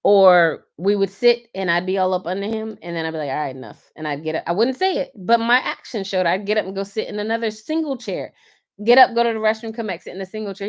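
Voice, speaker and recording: A woman in her thirties or forties, hosting a casual live stream and giving earnest, preachy advice drawn from her own life. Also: medium pitch. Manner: earnest, preachy, tells personal stories. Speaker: host of a faith-based live stream.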